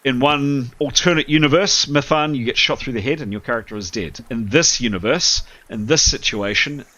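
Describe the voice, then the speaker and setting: A man's voice: mid-range voice, normal speed, bright, forceful tone, highs cut off. A man running a tabletop game as game master, narrating with many fillers and apologies.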